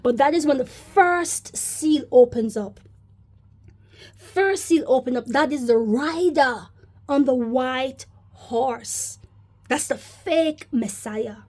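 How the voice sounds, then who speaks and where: A woman's voice: sits high, slow, a little mellow. A woman giving rambling religious commentary to her viewers, often calling them brothers and sisters. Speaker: religious vlogger. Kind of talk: casual spoken religious commentary.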